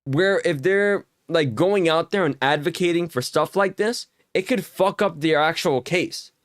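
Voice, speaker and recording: Young male streamer, fast heated rants full of swearing, slightly high voice. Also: no echo, studio quality. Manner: heated, profane ranting with many fillers. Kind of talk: casual chat while gaming.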